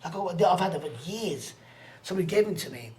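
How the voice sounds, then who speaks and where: A man's voice: sits high, brisk. A man, a podcast guest telling a personal story in a blunt, streetwise way, acting out the voices of the people in it. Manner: animated, acts out voices in anecdotes. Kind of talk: casual storytelling.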